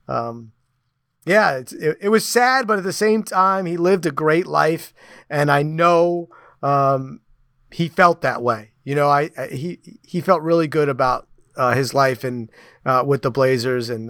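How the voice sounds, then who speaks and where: A man from New York co-hosting a sports podcast, speaking haltingly with many fillers. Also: mid-range voice, no room sound, clean studio sound. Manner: halting, many fillers, softens at ends of thoughts. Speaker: podcast co-host. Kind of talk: casual podcast chat.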